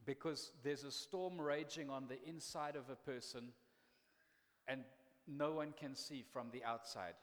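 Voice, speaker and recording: A man preaching a sermon in a church, earnest and conversational, shifting into animated bursts. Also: medium pitch, long reverb tail.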